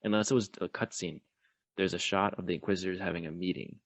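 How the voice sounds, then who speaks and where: A man's voice: deep voice, steady tone, fast talker, no room sound. A man co-hosting a podcast in easygoing casual chat, explaining things he looked up. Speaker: podcast co-host.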